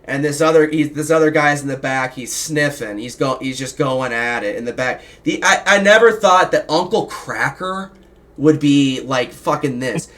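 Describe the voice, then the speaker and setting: Man, show host, casual storyteller, swears a lot, animated, mid-pitched voice. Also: moderate pace. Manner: profane, rambling, animated.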